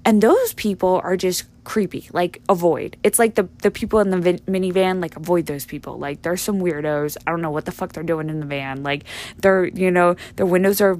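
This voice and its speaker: A woman's voice: fairly low pitch, fairly quick, darkish tone. A young woman hosting a podcast, rambling in a blunt, profane, casual monologue full of fillers. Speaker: podcast host.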